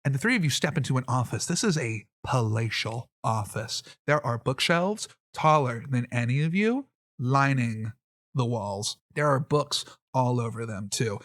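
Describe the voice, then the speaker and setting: A man's voice: medium pitch, lively intonation, moderate pace, a bit bright, no room sound, studio quality. A man narrating a tabletop game as game master and describing scenes in detail.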